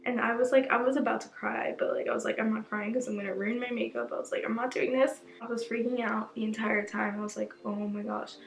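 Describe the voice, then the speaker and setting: Gushing young woman with a gravelly edge. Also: a little high, fast, hardly any pauses. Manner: gushing, excitable, fills speech with "like". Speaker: vlogger. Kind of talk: casual storytime chat. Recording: echoey room.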